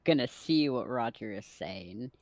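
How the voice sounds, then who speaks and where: Player at a tabletop game, slow and sing-songy pitch. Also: lively intonation, a little mellow, dry recording.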